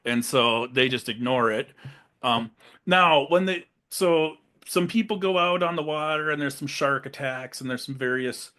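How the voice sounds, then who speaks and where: A young man co-hosting a casual movie podcast, retelling scenes with animated quick silly voices. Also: medium pitch. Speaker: podcast co-host.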